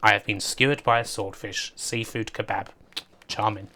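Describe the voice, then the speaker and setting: A man's voice: lowish voice, fairly even intonation, normal speed, sharp tone. Chatty man streaming games. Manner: rambling, chatty, laughs often, talks to chat. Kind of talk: casual gaming livestream commentary.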